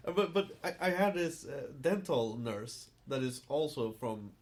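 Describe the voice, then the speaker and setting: A man's voice: mid-range voice, lively intonation, unhurried, a little mellow. A man, co-hosting a podcast in casual chat, often hesitant and laughing. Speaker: podcast co-host.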